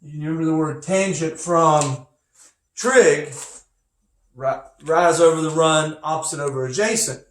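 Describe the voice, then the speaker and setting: A man's voice: fairly high pitch, slow pace, long pauses, a bit bright. A man teaching physics from home, talking casually and rambling into asides. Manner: rambling, chatty, with many asides. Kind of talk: casual recorded lecture. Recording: echoey room, faint noise.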